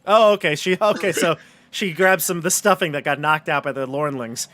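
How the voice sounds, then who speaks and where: A man narrating a tabletop game as game master, in a casual, halting way. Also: fairly high pitch, sharp tone, no echo.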